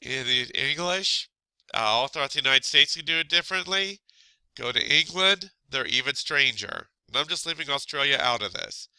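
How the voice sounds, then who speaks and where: Bright-voiced man teaching with a stuffy nose. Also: medium pitch, animated, moderate pace, smooth, no room sound, poor audio. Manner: chatty, asides and little laughs. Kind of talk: casual recorded lesson.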